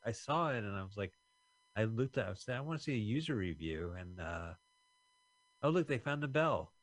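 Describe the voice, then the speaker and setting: Low-pitched guy rambling on a radio show, keeps restarting his sentences, dead dry sound. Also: lively intonation, moderate pace, no echo. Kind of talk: casual chat.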